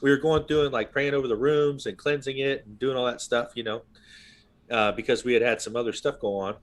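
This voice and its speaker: A man's voice: mid-range voice, fairly even intonation, fairly quick. Podcast host, man in his thirties: loose, rambling storyteller, middle-range voice. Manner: rambling storyteller, full of "you know what I mean". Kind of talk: casual conversation.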